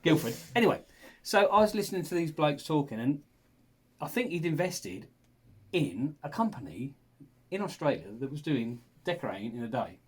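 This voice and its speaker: Lively middle-aged radio co-host. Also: male voice, fairly high pitch, normal speed, slightly rough. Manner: lively, rambling storyteller. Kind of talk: casual radio chat.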